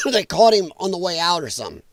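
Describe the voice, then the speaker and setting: A man with a high, very animated, slightly bright voice hosts a casual political commentary livestream at a brisk clip, recorded dry. He's blunt and exasperated, and his irritated throat keeps making him cough, so he apologizes often.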